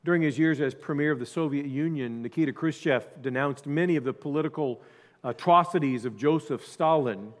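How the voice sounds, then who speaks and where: A male pastor preaching a sermon, dropping to quiet asides and then rising to loud emphasis. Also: fairly high pitch, a little fast, long reverb tail.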